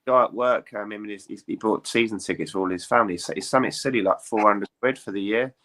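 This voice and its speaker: A man talking football at speed, his voice bright and forceful. He is chatty and quick to offer opinions. His pitch sits a little low. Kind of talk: casual football chat.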